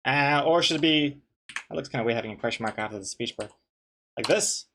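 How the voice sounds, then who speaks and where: A man's voice: mid-range voice, quick pace, fairly bright tone, slight background noise. A man, a webcomic artist, chatting casually on a live stream, reading chat aloud with dry, joking banter and rambling restarts.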